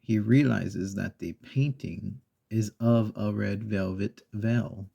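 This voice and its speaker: A man with a gravelly, breathy voice, retelling a children's story as a soft-spoken ASMR host, slow and meandering with pauses. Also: fairly low pitch.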